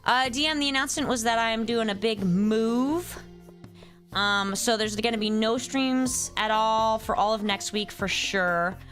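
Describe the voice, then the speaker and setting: Young female streamer, casual and exasperated, chatting over quiet music. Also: fairly high pitch, a little slow. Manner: exasperated ranting, reads chat names aloud. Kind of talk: casual live-stream chat.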